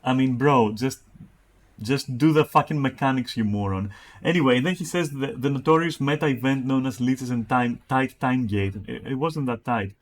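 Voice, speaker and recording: Guy streaming, swears a lot, mocks chat msgs he reads out, mid pitch. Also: normal speed. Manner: profane, mocking, reads chat messages aloud. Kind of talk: casual live-stream chat.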